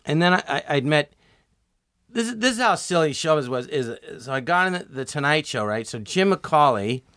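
Man, 60s, lively raconteur who acts out quotes; dry, close mic. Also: a little high, normal speed, no room sound. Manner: animated storyteller, acts out quoted voices. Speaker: guest comedian. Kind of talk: casual storytelling interview.

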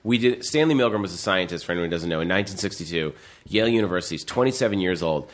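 A man's voice: deep voice, rapid-fire. A man chatting casually, telling a story animatedly and acting out the people in it. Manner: animated storytelling with acted-out quotes. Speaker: podcast guest. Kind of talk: casual chat.

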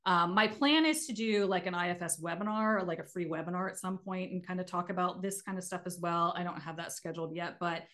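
A middle-aged woman, a coach and podcast guest, talking in an earnest, conversational way that gets animated when she makes a point. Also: on the low side, fast, hardly any pauses. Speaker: guest, emotional eating coach.

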